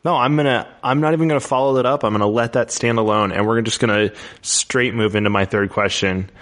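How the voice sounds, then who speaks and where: A man hosts a podcast in a mid-pitched voice, tripping over his words and repeating himself. He laughs easily and keeps the tone casual. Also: fairly even intonation, fairly quick, a bit bright. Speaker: podcast host. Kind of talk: conversational interview.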